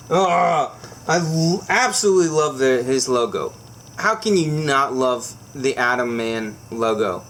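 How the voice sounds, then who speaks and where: A man unboxing a knife for his vlog, gushing and giggling, so excited he says it makes him emotional. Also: mid-range voice, unhurried. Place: indoors at home by candlelight.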